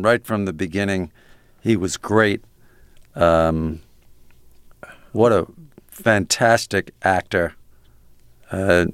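A man's voice: sits low, clear, resonant tone, no room sound. Dry, amused man telling stories. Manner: dry, self-deprecating, amused. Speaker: guest, comedy writer. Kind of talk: casual interview storytelling.

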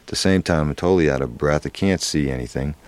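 A middle-aged man with a very low voice recounts a story in an earnest, halting way. He restarts often and leans on fillers. The sound is dry and close. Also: no room sound. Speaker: actor guest. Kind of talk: candid interview storytelling.

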